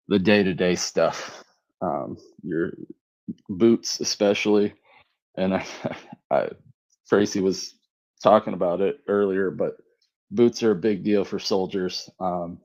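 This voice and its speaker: Man, very deep voice, casual rambling chat, muffled lo-fi stream audio. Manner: relaxed, conversational, rambling fundraiser pitch. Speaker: co-host of a live audio space. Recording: dull, lo-fi online audio.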